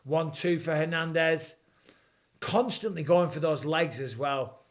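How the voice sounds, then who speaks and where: A man, hosting a live fight watch-along and calling the action with rising excitement. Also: a little high, a little slow. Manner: excitable, rising for big moments. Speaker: host. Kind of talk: live fight commentary and chat.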